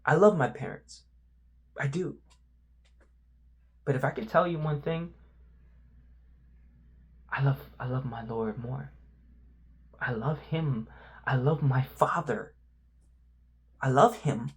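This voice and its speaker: Male vlogger sharing his struggles with faith in a candid, halting, reflective way. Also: medium pitch. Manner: reflective, halting, lots of "you know" fillers.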